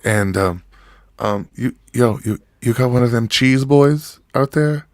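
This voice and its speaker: A man voicing a laid-back, hungry male pet snake in a mellow slang drawl. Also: medium pitch, a little slow, no echo, studio quality, natural voice. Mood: coaxing.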